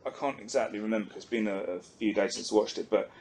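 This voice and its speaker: A man with a lowish voice talks fast over crowd noise as he co-hosts a podcast. He recaps an episode in casual chat, animatedly acting out the characters' lines while he retells it.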